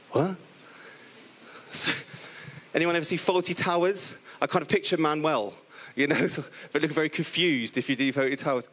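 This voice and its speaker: Animated playful preacher, man. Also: a little high, brisk. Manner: playful, animated storytelling with voiced characters. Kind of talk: lively sermon.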